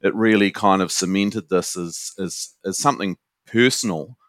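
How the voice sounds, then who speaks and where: Deep-voiced New Zealand man. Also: moderate pace, a bit bright, no room sound, studio quality. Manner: earnest, with frequent "you know" fillers. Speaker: guest academic and suicide educator. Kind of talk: conversational interview.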